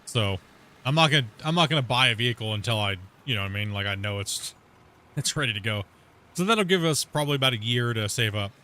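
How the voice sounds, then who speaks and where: Streaming a game, this Canadian host talks fast in an expressive, sharp-toned mid-range voice. His casual chat wanders, full of fillers and restarts.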